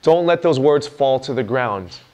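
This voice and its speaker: A young adult man giving a lively youth sermon, acting out parents and children in quoted lines. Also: medium pitch, unhurried. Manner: animated, acts out quoted lines. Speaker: youth speaker.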